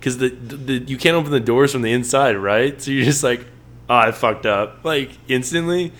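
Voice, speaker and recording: A young man co-hosts a sports podcast in a loose, rambling way, cracking jokes and calling out to his listeners. His voice sits in an ordinary middle pitch, and he sounds relaxed and chatty throughout. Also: a little fast. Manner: rambling, jokey, talks to the audience as folks. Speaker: podcast co-host. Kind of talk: casual sports podcast chat.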